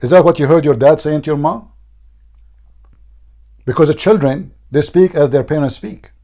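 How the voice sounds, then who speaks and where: Hoarse, high-voiced man debating and mocking. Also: normal speed, mellow. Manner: mocking, insistent, repeats questions. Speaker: debate show host. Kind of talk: heated live debate.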